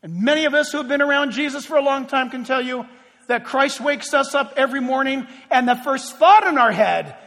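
A man's voice: extremely high pitch, a little fast, fairly bright tone, in a large hall. A pastor preaching a sermon to his congregation, talking directly and putting rhetorical questions to them.

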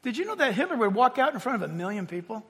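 A male preacher with a high, husky voice delivers an emphatic sermon. He swings between loud declarations and hushed near-whispers. A long reverb rings around him as if in a large hall. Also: sing-song, rapid-fire.

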